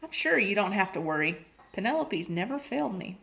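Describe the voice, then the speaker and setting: Kind older lady, calm and sure of herself, woman reading it aloud. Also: medium pitch, brisk, creaky. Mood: reassuring. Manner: reassuring, matter-of-fact. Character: calm kindly older woman who cures children.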